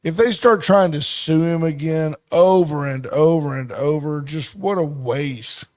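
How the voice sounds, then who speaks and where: A man's voice: on the high side, measured pace, a little mellow. A man co-hosting a talk radio show, trading blunt, opinionated remarks in casual banter.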